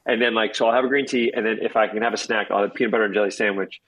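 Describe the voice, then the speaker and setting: A man aged forty, a guest actor chatting in an interview, rambling and excitable with quick asides. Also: fairly low pitch, rough recording. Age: 40s. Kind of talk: casual interview chat.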